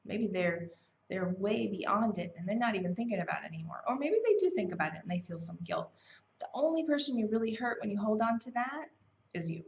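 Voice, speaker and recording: A woman's voice: medium pitch, animated, fairly quick, vocal fry. A woman hosting a self-help challenge, talking in a casual, conversational way with fillers and self-corrections. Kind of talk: casual motivational teaching. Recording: slightly dull, lo-fi sound.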